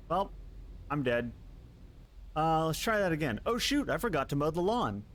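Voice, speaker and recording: Excitable streamer guy, slightly high voice. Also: moderate pace, pauses often, a little hiss or hum. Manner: excitable, laughs and swears at the game. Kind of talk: casual live gameplay commentary.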